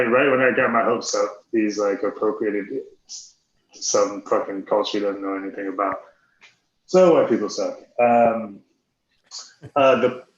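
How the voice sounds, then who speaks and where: A man doing a hesitant, self-deprecating stand-up set full of ums. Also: lowish voice. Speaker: stand-up comic. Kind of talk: stand-up set on a live stream. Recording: echoey room, dull lo-fi stream audio.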